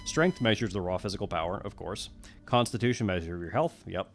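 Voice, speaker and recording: A man streaming, who reads a solo tabletop adventure aloud and breaks off for relaxed, chatty asides with the odd curse word, on a condenser mic. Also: low-pitched, brisk, soft background music. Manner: relaxed, chatty, drops curse words between read passages.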